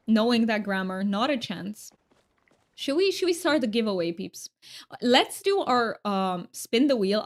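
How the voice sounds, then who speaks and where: A woman chatting casually while streaming a game, laughing often and repeating her words as she goes. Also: on the high side. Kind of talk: casual live-stream chat.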